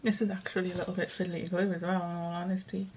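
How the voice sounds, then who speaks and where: A woman's voice: lowish voice, flat delivery, racing, background noise. A woman hosting a craft video, chatting and thinking aloud while she works. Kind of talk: casual craft narration.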